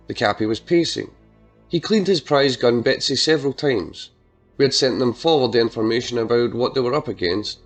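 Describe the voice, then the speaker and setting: A man reading a dark crime story aloud as narrator, measured and dramatic. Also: mid-range voice, faint music behind. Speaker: audiobook narrator.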